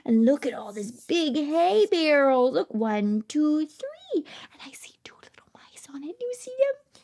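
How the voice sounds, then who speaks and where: A woman's voice: sits high, very animated, unhurried, few pauses, a little mellow. A woman speech therapist reading a picture book aloud to toddlers, coaxing with questions, gasping with delight and dropping into whispers. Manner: coaxing, asks the child questions.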